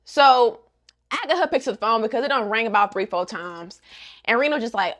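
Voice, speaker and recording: A young woman talks through a manga story in sassy, chatty commentary, tossing in joking asides. Her voice sits a little high and swings widely. The delivery stays casual and playful. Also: expressive, fairly quick, a bit bright. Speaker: manga recap vlogger.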